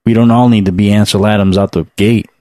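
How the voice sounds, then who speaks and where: A man's voice: lowish voice, fast, dry recording. An American man hosting a casual interview and asking loose, rambling questions. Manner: relaxed, rambling questions with restarts. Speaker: podcast host, interviewer.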